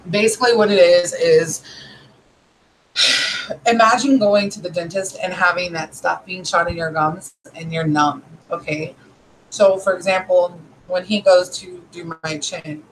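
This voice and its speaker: A woman's voice: fairly low pitch, a little hiss or hum, low-quality recording. Chatty woman in her thirties. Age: 30s. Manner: rambling retelling, "he goes" quotes. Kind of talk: casual storytelling.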